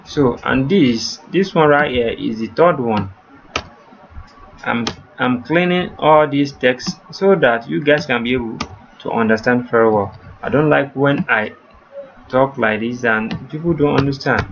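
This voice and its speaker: A man's voice: mid-range voice, measured pace. A man teaching a coding lesson, walking through each step and repeating points so viewers can follow. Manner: repetitive step-by-step explaining, addresses viewers as you guys. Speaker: coding tutor. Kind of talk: screen-recorded coding tutorial. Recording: slightly muffled, faint background noise.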